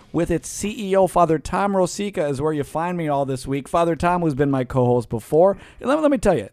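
A man's voice: on the high side, dry recording. A man in his forties hosting a comedic radio chat, joking and mocking himself. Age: 40s. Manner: joking, self-mocking, lively. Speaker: radio host.

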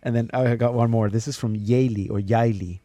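A man hosting a radio show in casual chat, reading listener prayers out slowly. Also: mid-range voice, steady tone, mellow, no echo. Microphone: studio microphone.

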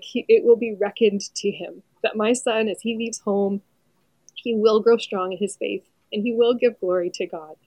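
A woman in her forties, a mother, talking earnestly and reflectively about her faith on a podcast, with soft laughs along the way. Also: medium pitch, no echo.

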